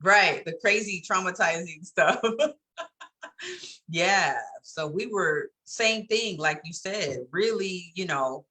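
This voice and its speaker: A woman's voice: lowish voice, takes it slowly, pushed and bright. A woman co-hosting a casual chat, telling her story candidly and laughing often. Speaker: co-host.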